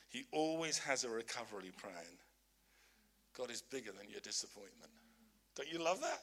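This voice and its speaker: A man's voice: mid-range voice, lively intonation, moderate pace, long pauses, bright, forceful tone. A man preaching a sermon, emphatic, repeating his key lines, with humorous asides.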